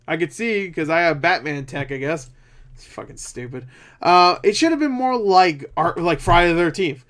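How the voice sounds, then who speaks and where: A tired young man with a slightly high, gravelly voice mutters and curses his way through casual commentary. He grumbles in a frustrated, self-mocking way and sounds worn out. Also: animated, moderate pace, fairly bright tone. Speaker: gaming channel host. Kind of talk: casual commentary while browsing online.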